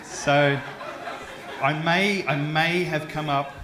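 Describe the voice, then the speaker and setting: A man's voice: on the high side, fairly even intonation, slow. Australian man doing stand-up in a roomy club. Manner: chatty, self-mocking, with frequent stumbles and fillers. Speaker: stand-up comedian. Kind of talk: stand-up comedy set. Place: comedy club stage. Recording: roomy club sound with faint background noise.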